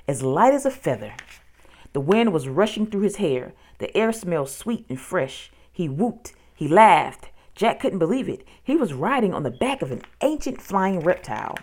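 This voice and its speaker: A woman reading a children's book aloud, with steady, expressive storytelling. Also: fairly low pitch.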